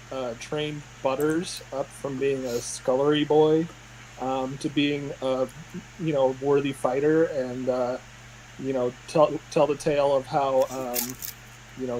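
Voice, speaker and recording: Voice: mid-range voice, little pitch movement, a little slow, darkish tone, low-quality recording. A tabletop player describing their move, hesitant and padded with fillers, in a mid-range voice. A faint hum sits behind the voice. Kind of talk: playing a tabletop game.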